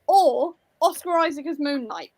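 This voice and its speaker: A woman co-hosting a casual live book discussion with quick, joking asides. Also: high voice, lively intonation, darkish tone, no room sound.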